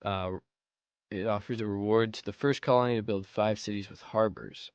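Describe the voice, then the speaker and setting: A man's voice: on the low side, steady tone, moderate pace, clear, resonant tone, no echo, dull audio. A man giving casual let's-play commentary, rambling and thinking aloud as he plays. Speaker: gameplay commentator.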